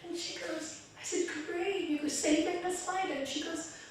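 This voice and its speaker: A woman raja yoga teacher giving a spiritual talk to a small group, chatty and lively, often laughing as she tells stories. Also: very high voice, normal speed, slight background noise. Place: meditation group room. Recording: echoey room, voice picked up from a distance.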